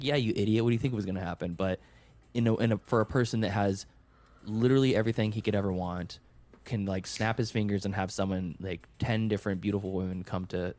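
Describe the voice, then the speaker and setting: A man hosting a podcast, musing over a film in a halting, thoughtful way, full of restarts. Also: on the low side, darkish tone, dry recording. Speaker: podcast host. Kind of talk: casual film review chat.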